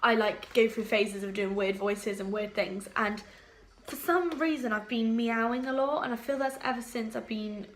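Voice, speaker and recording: Young woman, casual vlogger, light high voice, rambling and giggly. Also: steady tone, moderate pace, a little hiss or hum. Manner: chatty, giggly, lots of fillers. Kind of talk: casual chat to camera.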